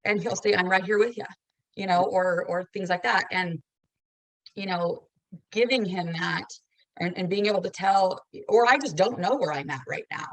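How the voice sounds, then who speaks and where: A woman's voice: on the low side, no echo, low-quality recording. A mother of a child with a rare disease sharing her experiences earnestly and reflectively in a support group. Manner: earnest, reflective, quick bursts of speech.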